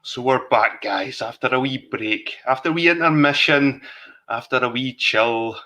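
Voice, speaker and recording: A slightly tipsy Scottish man hosts a livestream, chatting casually in a sweary, rambling way. His voice is mid-range and sharp-toned, at a moderate pace.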